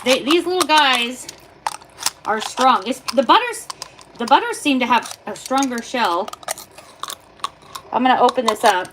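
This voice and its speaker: A woman hosting a casual livestream from her kitchen, chatting and explaining step by step while she works with her hands. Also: on the high side. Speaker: livestream host. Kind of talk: casual live demonstration. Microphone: phone. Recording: phone livestream with clear background noise.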